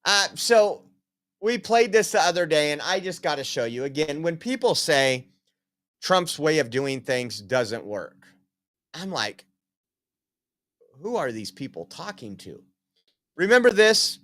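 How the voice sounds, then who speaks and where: A man's voice: on the high side, big pitch swings, unhurried, pauses often, fairly bright tone. A man hosting opinionated political commentary, reading quotes aloud and laughing at them mockingly.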